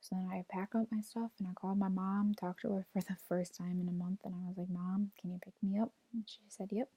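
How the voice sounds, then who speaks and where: A woman's voice: mid-range voice, steady tone, fast talker, mellow, no room sound. A young woman in her twenties telling a personal story in a vlog, rambling with lots of "like" and near tears. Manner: rambling, fills speech with "like", retells quotes. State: near tears, holding back crying. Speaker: vlogger.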